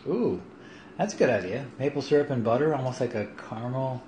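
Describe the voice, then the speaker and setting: A man's voice: medium pitch, brisk. Chatty man livestreaming from an echoey kitchen. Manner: chatty, lively, laughs often. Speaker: home baker livestreaming. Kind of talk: casual livestream chat. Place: home kitchen. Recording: echoey room, faint hiss.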